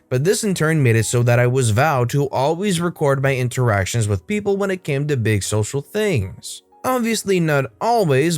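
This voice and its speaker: A young man narrating online stories in an expressive, dramatic storytime manner. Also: mid-range voice, dry recording.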